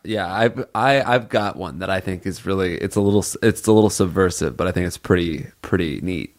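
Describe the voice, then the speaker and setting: A man co-hosting a casual comedy podcast, laid-back and deadpan, thinking aloud with restarts. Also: low-pitched, fairly quick. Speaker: podcast co-host.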